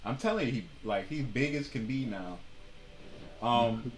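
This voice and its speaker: A young man streaming a game and telling a long animated story in casual slang, acting out the people in it. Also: medium pitch, a little slow, roomy sound. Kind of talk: casual storytelling while gaming.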